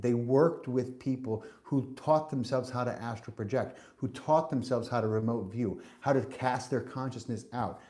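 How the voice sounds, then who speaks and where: Male podcast host, mid-pitched, preachy and emphatic, swears freely. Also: darkish tone. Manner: emphatic, preachy, profane, with frequent restarts. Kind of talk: spiritual podcast monologue.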